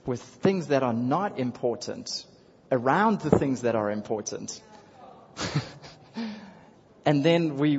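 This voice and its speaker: Talking straight to the people in his church sanctuary, a pastor preaches conversationally, chuckling and repeating phrases. His mid-range voice is husky with a darkish tone, and the recording is dull with a long hall reverb.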